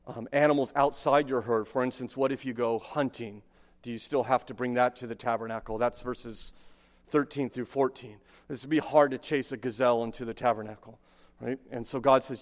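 A man in his thirties preaching a sermon as pastor, conversational, with frequent "right?" asides and quick restarts. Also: on the high side. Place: church sanctuary. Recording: long hall reverb from a sanctuary PA.

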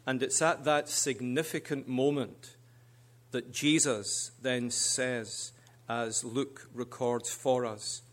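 A man preaching as a guest minister, speaking in measured, deliberate short phrases. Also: mid-range voice, fairly even intonation. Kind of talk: sermon.

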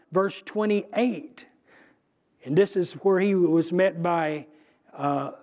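Male preacher, high voice, talks through scripture conversationally with emphasis. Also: a little mellow. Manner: conversational, emphatic, with pauses and restarts. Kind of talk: bible teaching.

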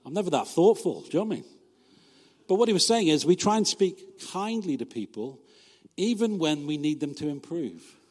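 A fairly high-voiced male pastor preaching in a relaxed, joking manner, often checking in with his listeners through questions. His voice carries a long reverb, as if recorded in a church hall. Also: normal speed. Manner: conversational and humorous, full of rhetorical questions. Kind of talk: sermon.

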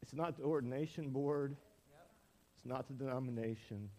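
In a church, a male pastor in his forties preaches through lively storytelling, dramatizing each quote. He talks at normal speed in a mid-range voice.

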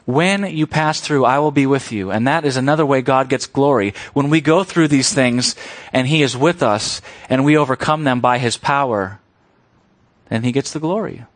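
A man's voice: medium pitch, normal speed, no room sound. A man preaching a sermon, explaining a scripture passage with emphasis and rhetorical questions. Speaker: pastor.

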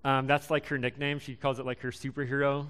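A young man in his twenties giving a casual sermon, halting and full of ums and restarts. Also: mid-range voice, flat delivery, a bit bright, clear, resonant tone. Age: young adult. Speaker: preacher.

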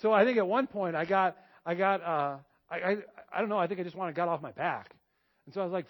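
A man preaching a sermon, telling a personal story with animated back-and-forth dialogue before turning to teaching. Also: high voice, fast, highs cut off. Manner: animated storytelling, acts out both sides of dialogues. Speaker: pastor.

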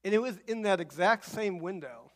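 A middle-aged man preaching a sermon as pastor, telling a personal story with halting restarts and building to emphatic repeated phrases. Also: high voice, expressive, fairly bright tone.

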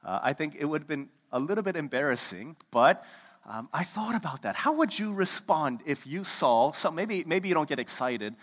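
Animated pastor preaching in a church hall. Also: male voice, fairly high pitch, normal speed. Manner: animated storytelling, swings from loud to hushed. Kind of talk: sermon. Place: church sanctuary. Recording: long reverb of a church hall.

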